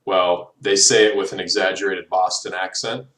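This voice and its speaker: Young man, deep voice, student presentation, halting with fillers, roomy echo, far from the mic. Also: fairly even intonation, fairly bright tone. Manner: hesitant, many ums and uhs. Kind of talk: class presentation recording. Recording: echoey room, voice from afar.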